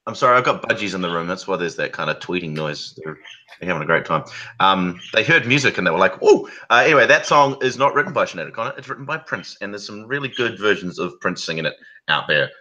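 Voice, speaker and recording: Rambling New Zealand man, bright voice. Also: low voice, lively intonation, fast talker, muffled recording. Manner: rambling storyteller, chuckling. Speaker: guest. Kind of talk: casual chat.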